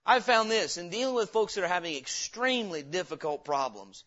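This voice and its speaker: A man preaching a sermon as pastor, reading scripture slowly and breaking into sudden loud, emphatic bursts. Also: sits high, animated, muffled recording.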